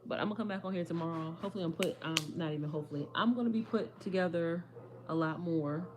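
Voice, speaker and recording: A young woman talks casually to her livestream audience, rambling and friendly with lots of y'all. Her voice sits a little low and is slightly hoarse. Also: fast talker, a crowd in the background. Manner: chatty, addresses viewers as y'all. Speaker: livestream host.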